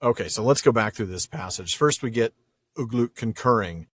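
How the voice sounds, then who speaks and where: A man's voice: mid-range voice, animated, moderate pace, a bit bright, breathy edge, no room sound. Man hosting a book podcast, dry mic. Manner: enthusiastic, paraphrases characters playfully. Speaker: podcast host. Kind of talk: casual book discussion.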